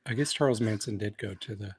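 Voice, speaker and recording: A man co-hosting a podcast in casual recap chat, relaxed and chatty. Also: lowish voice, fast, husky, no room sound. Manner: relaxed, chatty, laughs and hedges with "like" and "um". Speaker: podcast co-host.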